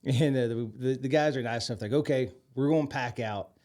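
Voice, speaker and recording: A man's voice: mid-range voice, a little fast, warm tone. Casual male podcast co-host, rambling storyteller, heavy fillers. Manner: rambling, many fillers and restarts.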